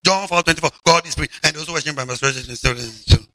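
Male preacher, animated and mocking, gravelly bright tone. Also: on the high side, quick pace, no echo. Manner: animated, mocking, shouts and drawls for emphasis. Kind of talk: lively sermon to children.

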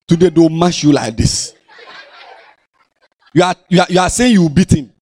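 A man's voice: on the high side, moderate pace. A man with a Ghanaian accent preaching a sermon as pastor in a church, scolding and teasing his congregation. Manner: animated, scolding, playful.

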